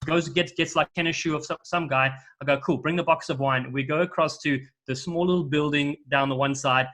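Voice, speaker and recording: A middle-aged man, a rugby commentator, chatting casually and telling stories with lively acted-out quotes. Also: a little high, fairly quick. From South Africa. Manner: animated storyteller, acts out quoted lines. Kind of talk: casual chat, storytelling.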